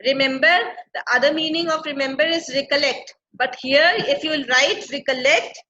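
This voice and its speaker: A woman's voice: sits high, steady tone, moderate pace, bright, forceful tone, a little hiss or hum. A woman, teaching a play by reading each line and paraphrasing it plainly. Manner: reads the old verse, then paraphrases it in plain words. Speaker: English literature teacher. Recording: dull lo-fi recording.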